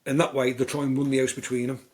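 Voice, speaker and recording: A man's voice: medium pitch, level tone, fast talker, darkish tone. Give me a British man casually chatting through film plots with lots of fillers. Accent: British English. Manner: rambling, chatty storytelling with many fillers. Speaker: podcast host.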